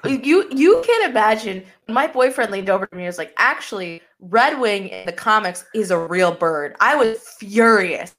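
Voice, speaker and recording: A woman guest on a podcast panel, chatting casually and animatedly, with big pitch swoops when she quotes people. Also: lively intonation, moderate pace, hardly any pauses, fairly bright tone.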